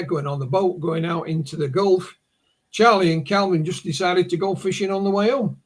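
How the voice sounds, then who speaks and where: A man with a northern English accent appears as a guest researcher on a podcast interview, telling the story of a case. His voice is high and moves at a normal speed, and he frequently restarts his words.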